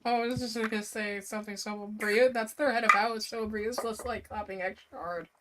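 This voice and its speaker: A woman playing a tabletop game, dropping soft, low-key asides in casual chat. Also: fairly even intonation, normal speed, heavy background noise. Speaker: player.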